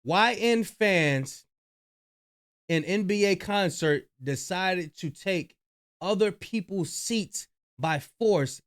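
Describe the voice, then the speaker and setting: A man hosting a reaction video, chatting loosely with slang and profanity about clips he plays. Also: fairly high pitch. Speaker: reaction channel host. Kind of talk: casual commentary on clips.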